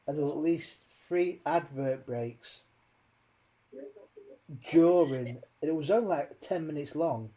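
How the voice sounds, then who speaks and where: Slow, mellow-voiced man ranting. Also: a little high. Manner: rambling, swearing, ranting. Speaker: host. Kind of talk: casual chat.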